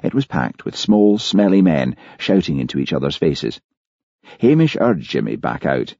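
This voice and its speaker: A man narrating an audiobook in a measured, expressive storytelling manner, recorded dry and slightly dull. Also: extremely low pitch, no room sound. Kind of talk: scripted narration.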